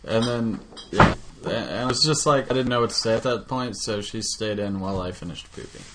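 A man's voice: fairly low pitch, fairly quick, a bit bright, slight background noise. A man co-hosting a podcast, telling an anecdote in casual chat with a dry, wry manner. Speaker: podcast co-host.

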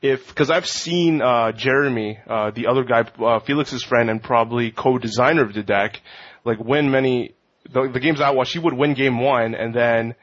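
A man's voice: medium pitch, moderate pace. Hesitant man on a muffled podcast. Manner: hesitant, filler-heavy explanation. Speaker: podcast co-host. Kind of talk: casual chat.

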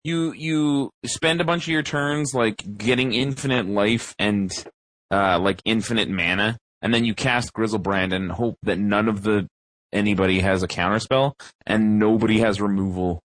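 A man's voice: fairly low pitch, moderate pace, no echo, poor audio. A man co-hosting a podcast in casual chat, ranting and mocking with heavy swearing. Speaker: podcast co-host.

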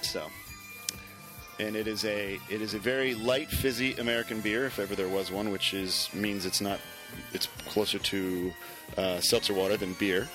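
A man's voice: fairly low pitch, steady tone, moderate pace, over music. A man hosting a casual podcast chat, joking and rambling as he talks. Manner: jokey, rambling, laughs often. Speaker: podcast host.

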